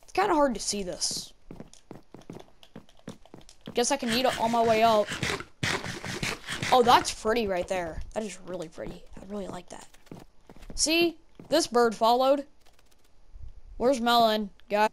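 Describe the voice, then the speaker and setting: A chatty woman giving casual gameplay commentary with a fairly high voice. She talks to the animals around her and breaks into frequent exclamations. A faint hiss sits under her voice. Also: animated, unhurried, long pauses. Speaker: gaming video creator.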